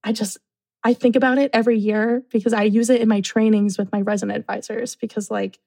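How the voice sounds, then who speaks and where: A woman who works in university residence life, telling a story casually and acting out what people said in lively voices. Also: on the high side, fast, creaky. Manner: animated, acts out quotes.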